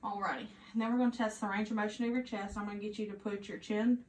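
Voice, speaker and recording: A woman's voice: medium pitch, fast, a little hiss or hum. Woman narrating a nursing exam. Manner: steady, instructive, step-by-step directions. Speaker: nursing student performing an exam. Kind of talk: narrated physical assessment demo. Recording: echoey room with faint ambience.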